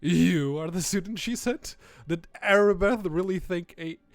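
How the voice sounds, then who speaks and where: A man's voice: high voice, measured pace, no echo. A man as a scornful cleric read from a game; lay it on thick, a hint of Scottish. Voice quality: overdone, slightly Scottish-tinged. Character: gruff, scornful male cleric leader. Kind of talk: reading game dialogue aloud.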